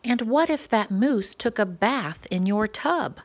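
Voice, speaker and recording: A woman reading a rhyming picture book aloud to preschoolers, asking playful questions in a gentle, sing-song way. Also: a little high, expressive, slow. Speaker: children's story reader.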